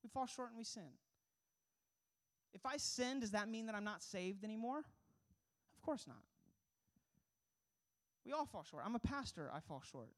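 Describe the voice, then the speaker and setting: A man's voice: sits high, animated, normal speed, long pauses. A young man preaching as a pastor, earnest and emphatic, asking the congregation rhetorical questions. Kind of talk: sermon.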